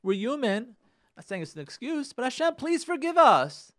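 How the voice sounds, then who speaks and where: A middle-aged man gives an inspirational religious talk as a radio host. He is emphatic, repeats his points and speaks directly to his listeners, and his pitch swings widely. The sound is dry and close. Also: very animated, moderate pace, fairly bright tone, no room sound.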